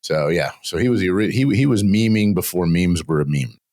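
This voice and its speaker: Middle-aged male podcast host, very deep voice, chatty and joking, talks nonstop. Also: lively intonation, darkish tone. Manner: rambling, joking, talks without pause. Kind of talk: casual podcast chat.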